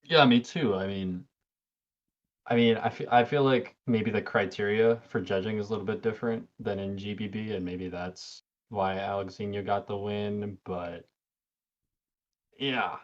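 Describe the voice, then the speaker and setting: A man's voice: fairly low pitch, fairly even intonation, a little slow. A man co-hosting a reaction stream, speaking casually and tentatively, often restarting his thoughts. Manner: hesitant, tentative. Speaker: co-host reacting. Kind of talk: casual chat. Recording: slightly dull lo-fi audio.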